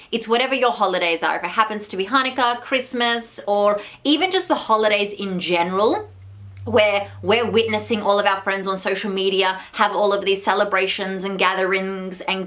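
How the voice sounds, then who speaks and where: A woman speaks straight to her viewers in an advice vlog, warm and encouraging. She sounds a little out of breath, with a voice of middle pitch. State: slightly out of breath. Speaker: vlogger and spiritual coach. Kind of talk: direct-to-camera advice vlog.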